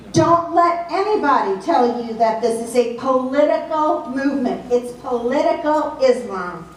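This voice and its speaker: Southern lady speechifying, kinda high voice, punchy lists, big echo, sounds far off. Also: a little hiss or hum. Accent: Southern American. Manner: emphatic, list-like delivery. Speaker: speaker at a political event. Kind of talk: political speech. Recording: very echoey hall, voice from far off.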